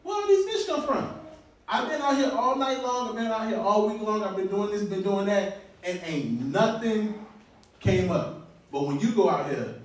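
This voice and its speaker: A preacher slips into a worn-out fisherman, loud and slangy, at the end of his patience. The voice rides a touch high and comes from far off in an echoing hall. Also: animated, moderate pace, close to an everyday voice. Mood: astonished. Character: frustrated weary fisherman, adult man.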